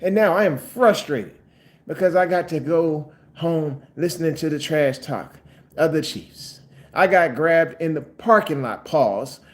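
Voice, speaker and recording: A man's voice: a little high, animated, measured pace. An older man, a sports vlogger, ranting in frustration about his team's loss and trash-talking like a heated fan. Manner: frustrated, fired-up trash talk.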